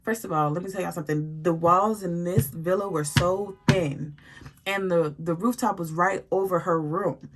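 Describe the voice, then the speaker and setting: Animated, profane young woman telling a story. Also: lowish voice, normal speed, over music. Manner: animated, profane, acts out quoted dialogue. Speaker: storytime vlogger. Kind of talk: casual storytelling.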